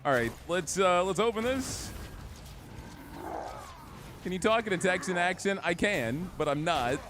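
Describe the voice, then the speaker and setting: A young man commenting excitedly on his gameplay, chatty and trash-talking enemies as he streams. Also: high voice, measured pace, noisy background. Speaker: gaming streamer. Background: game music.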